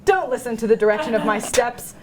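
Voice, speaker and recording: A woman's voice: on the high side, expressive, fairly quick, a crowd in the background, close to an everyday voice. A woman reading the part of a guilt-ridden male nobleman about to murder a king, in a comic table reading, stumbling now and then over the words. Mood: brooding. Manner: reads a plain modern paraphrase aloud, stumbling over words.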